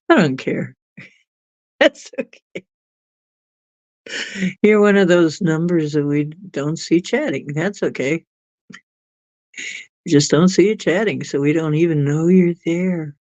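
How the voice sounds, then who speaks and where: Slow giggly streamer chatting with chat, muffled dry mic. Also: mid-range voice, expressive, a little mellow, no room sound. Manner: giggly, chatty, laughs often. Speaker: livestream host reading chat. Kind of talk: casual chat with viewers.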